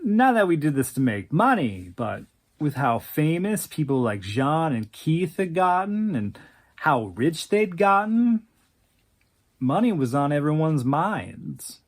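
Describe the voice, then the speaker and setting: Unhurried woman telling a story. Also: low-pitched, sing-song. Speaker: narrator. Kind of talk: scripted oral-history narration.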